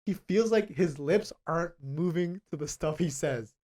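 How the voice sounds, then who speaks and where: Young guy on a podcast rambling through a movie plot, kinda high voice, lots of likes and ums. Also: moderate pace. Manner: rambling, animated movie recap with acted quotes. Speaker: podcast co-host. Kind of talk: casual chat.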